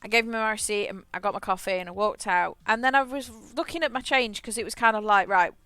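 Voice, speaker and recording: A woman's voice: medium pitch, fast talker, a bit bright, smooth, no echo. A woman, chatting as she streams a game and telling a rambling story full of restarts. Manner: rambling storyteller, frequent restarts and repeated words. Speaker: livestreamer. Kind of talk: casual chat while playing a game.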